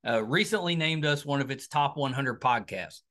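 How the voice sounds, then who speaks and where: A middle-aged man with a West Virginian accent, a podcast host talking casually through an outro and a pitch for support, rambling with lots of fillers and restarts. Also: expressive, moderate pace, fairly bright tone.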